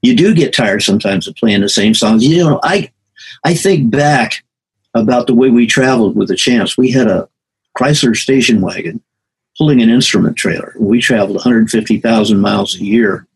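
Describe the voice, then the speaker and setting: A man's voice: medium pitch, normal speed, gravelly, breathy edge, poor audio. A man in his eighties, a veteran musician, telling long anecdotes in a conversational interview, with plenty of fillers and restarts. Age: 80s. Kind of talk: storytelling in a conversation.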